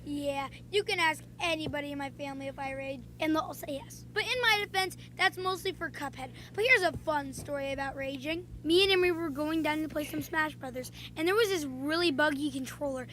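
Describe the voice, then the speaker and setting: High bright chatty woman vlogger. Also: fairly quick, hardly any pauses, a little hiss or hum. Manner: chatty, playful, with frequent "um"s. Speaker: video creator. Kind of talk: casual vlog storytelling.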